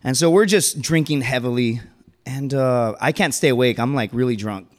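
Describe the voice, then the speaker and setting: A man's voice: mid-range voice, normal speed. A man doing stand-up storytelling on a live stage, rambling and conversational with lots of fillers, chuckling at his own story. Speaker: stand-up comedian. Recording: reverberant hall.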